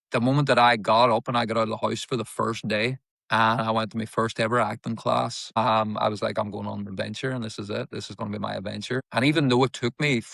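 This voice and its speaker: A man's voice: fairly low pitch, vocal fry, a bit bright, no echo. A man, an actor guest, telling candid stories in an interview, emphatic and repetitive, swearing now and then.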